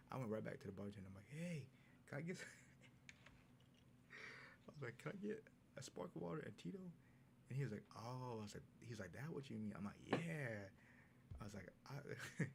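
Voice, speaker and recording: A man's voice: lowish voice, vocal fry, background noise. A young man casually telling a story in a vlog recap, in a laid-back, slangy way, acting out what people said. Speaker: vlogger.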